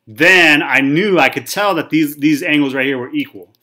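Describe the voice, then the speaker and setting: His voice sits on the high side, bright and forceful, at a moderate pace. He's a thirties-aged math teacher chatting loosely through a whiteboard lesson, often repeating "okay" and "right" to check in.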